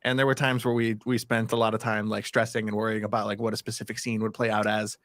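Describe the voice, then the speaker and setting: A man's voice: fairly low pitch, level tone, quick pace, a bit bright, dry recording. Wry man chiming in, dry sound. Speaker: comic book co-writer. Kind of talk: casual interview chat.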